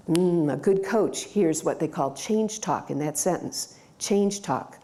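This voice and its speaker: Woman conference presenter, lower register, brisk and instructive. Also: mellow. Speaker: conference speaker. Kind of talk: presentation talk. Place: conference in Aspen, Colorado.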